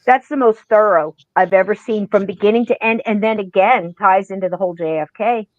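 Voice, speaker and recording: A woman co-hosting a podcast, telling a ghost story in a casual, animated way and acting out the people she quotes. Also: mid-range voice, brisk, no room sound, dull audio. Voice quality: animated, acts out quoted voices. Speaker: podcast co-host.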